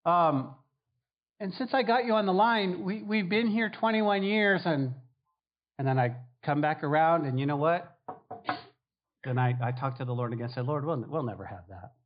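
A man preaching a lively sermon, acting out prayers and the disciples' replies in different voices. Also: on the high side, moderate pace. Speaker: pastor. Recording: dull lo-fi sound.

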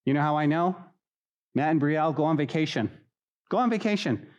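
A male pastor delivering a lively midweek sermon in a church. His voice sits a little high for a man, and he keeps jumping into quick little impressions of his congregation before dropping back to his preaching tone. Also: highs cut off.

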